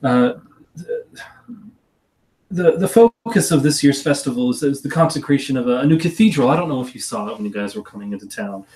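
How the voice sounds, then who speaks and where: A man's voice: mid-range voice, lively intonation, brisk, a little mellow, pitched above the performer's own voice, natural voice, rough recording. A man voicing a polite noblewoman who speaks in a gracious, somewhat rambling way. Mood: courteous. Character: polite noblewoman at her desk.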